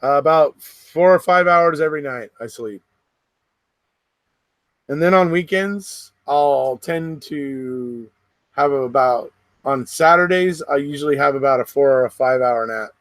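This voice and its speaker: A middle-aged man from the West Coast of the United States hosting a casual livestream, chatting to viewers and rambling with quick laughs between remarks. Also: a little high, a bit bright, no room sound. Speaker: livestream host.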